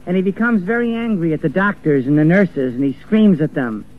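A man's voice: sits high, expressive, fairly quick. A man preaching an earnest sermon, acting out the voices of the people he quotes. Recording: tinny phone-like old recording with faint music.

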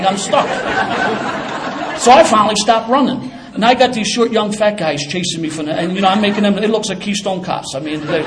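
Older man, fast-talking, casual storyteller, streetwise slang. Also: sits high, noisy background. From Philadelphia. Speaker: former police officer. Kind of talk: personal storytelling.

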